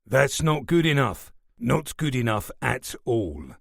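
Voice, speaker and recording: A man voicing a stern, menacing police superintendent who talks in a measured, remorseless way. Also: mid-range voice, sing-song, gravelly, a bit bright, no room sound, clean studio sound, heavily acted. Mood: cold.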